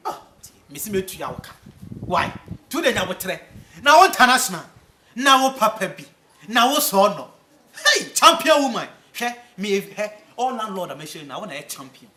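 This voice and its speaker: An actress with a Ghanaian accent, playing an excitable young woman in a comedy-drama, lively and pleading. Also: on the low side, normal speed. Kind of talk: comic TV drama acting. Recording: echoey room.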